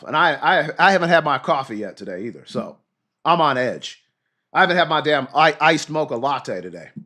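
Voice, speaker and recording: A man's voice: mid-range voice, bright, forceful tone. A man hosting a livestream, ranting heatedly and cursing while thanking viewers by name. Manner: reads chat names and thanks viewers. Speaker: livestream host. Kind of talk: ranting political livestream chat.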